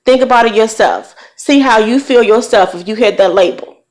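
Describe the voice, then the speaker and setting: A woman's voice: on the high side, moderate pace. A middle-aged woman from Virginia with a light Southern accent, giving encouraging, preachy parenting advice in a casual vlog. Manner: warm preachy encouragement with folksy phrasing. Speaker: vlogger.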